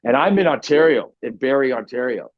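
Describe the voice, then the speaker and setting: A man's voice: medium pitch, lively intonation, fairly quick, dry recording. A man guest on a podcast, telling his story in a blunt, profane, casual way with easy laughs. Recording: dry, slightly muffled podcast audio.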